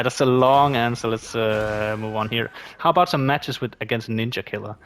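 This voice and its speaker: Young Danish-accented man, gaming creator, loose rambling Q&A delivery, mid-pitched voice. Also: normal speed, a bit bright, a little hiss or hum. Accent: Danish, with a slight British tinge. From Denmark. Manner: rambling, with frequent restarts and fillers. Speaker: gaming YouTuber. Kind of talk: casual Q&A monologue.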